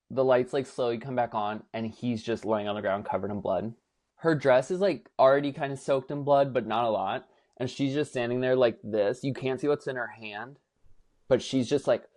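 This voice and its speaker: A young man co-hosting a podcast, gushing and animated as he recaps a show, swearing casually. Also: mid-range voice. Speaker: podcast co-host. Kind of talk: casual chat.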